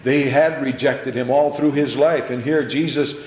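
A male pastor preaching an impassioned sermon in a church, repeating phrases and stumbling into quick restarts as he builds. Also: mid-range voice, steady tone, darkish tone, echoey room, low-quality recording.

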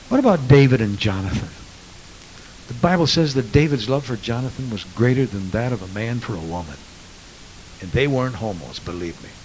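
A man preaching a sermon as pastor, swinging between hushed asides and loud, rapid build-ups. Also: medium pitch, a little hiss or hum, poor audio.

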